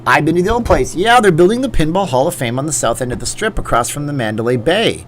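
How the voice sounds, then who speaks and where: A man's voice: fairly high pitch, lively intonation, fast talker. A man in his forties hosting a live chat Q&A from a green screen setup, reading viewer comments aloud and riffing on them in a loose, chatty way. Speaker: livestream host.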